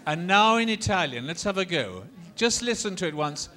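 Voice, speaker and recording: A man lecturing a class on opera in a lively, theatrical way, coaxing the students to repeat lines and demonstrating phrases. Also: sits high, normal speed.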